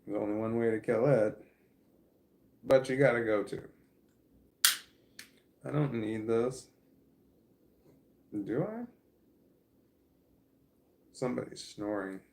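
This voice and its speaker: A man's voice: medium pitch, animated, takes it slowly, creaky, long pauses, a little mellow. A man talks candidly on a live stream in a mid-range voice, stammering and restarting his words as he goes. He is blunt and earnest, reading viewer comments aloud and swearing casually.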